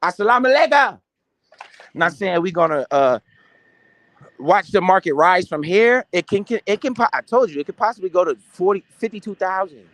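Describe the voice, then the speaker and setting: A young adult man hosts a casual finance live stream in a high, brisk voice. He is animated, slangy and profane, asking questions and answering them himself, and the recording is dry.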